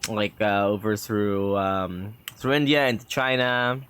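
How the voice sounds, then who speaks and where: A man's voice: lowish voice, steady tone, measured pace, a bit bright, smooth. A man streaming a game, chatting casually and rambling with lots of fillers. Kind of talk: casual gameplay commentary.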